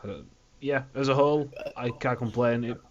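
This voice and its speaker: A man's voice: medium pitch, moderate pace, lo-fi sound. A man being interviewed as a guest on a casual livestream, easygoing and laughing along. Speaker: guest, YouTuber.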